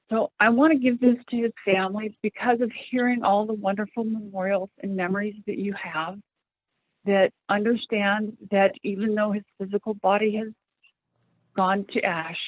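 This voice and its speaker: Woman reading a poem at a memorial, calm and measured, thin phone-ish zoom sound. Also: mid-range voice, no room sound. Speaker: coworker speaking at a memorial. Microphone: video call. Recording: tinny phone-like video call audio.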